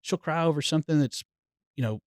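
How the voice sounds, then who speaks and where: A man in casual podcast chat, telling animated family stories full of "like" fillers. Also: on the high side, fast, no echo, clean studio sound. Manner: animated storyteller, many "like" fillers. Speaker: podcast guest, firefighter.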